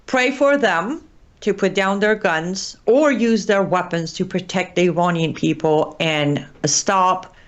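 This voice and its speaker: A woman from Iran hosting an online show, giving earnest, pleading political commentary while exhausted and short on sleep. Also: medium pitch.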